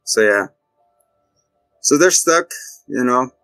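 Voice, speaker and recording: A man hosting a casual movie review chat, retelling scenes in an animated way and acting out the characters. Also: medium pitch, slow pace, dry recording, faint music behind. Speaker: movie review show host.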